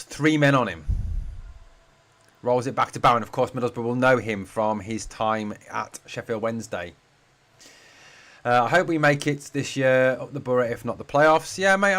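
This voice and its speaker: This fan channel host runs a live watch-along of a match, speaking in a medium-pitched, slightly bright male voice. His commentary is chatty and casual, with free swearing and responses to viewers' comments.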